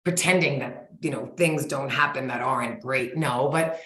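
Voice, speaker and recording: A woman in her forties talking as a guest expert in a casual interview, in a blunt, folksy and energetic way. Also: extremely low pitch, moderate pace. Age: 40s. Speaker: guest expert on sugar cravings. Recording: roomy echo.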